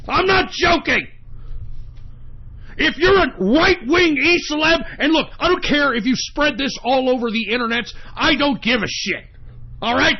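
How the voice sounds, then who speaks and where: A man hosting an internet radio show, ranting angrily and profanely, often shouting, on a dull lo-fi recording. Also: very high voice, lively intonation, a little slow, gravelly. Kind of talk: angry talk-radio rant. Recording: dull lo-fi sound.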